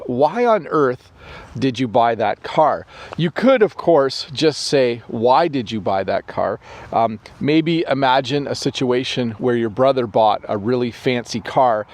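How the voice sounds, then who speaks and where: Patient man explaining English phrases. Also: medium pitch. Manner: patient, steady, lots of fillers. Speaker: English teacher.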